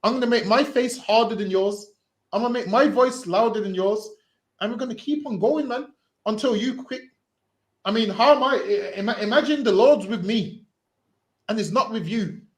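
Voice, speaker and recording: A man street preaching forcefully, repeating himself and ending phrases with "man". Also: sits high, reverberant.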